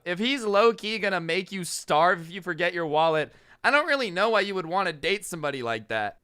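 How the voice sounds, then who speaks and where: A man's voice: sits high, sharp tone, clear, resonant tone. A young man hosting a storytime channel, reading out online posts and reacting with casual, slangy, exasperated commentary.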